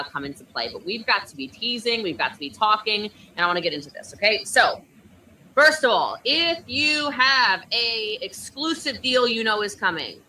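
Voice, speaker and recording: A woman coaching network marketers over a video call, talking with high energy and emphatic conviction. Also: sharp tone, distant mic, a little hiss or hum, poor audio. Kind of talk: motivational coaching talk.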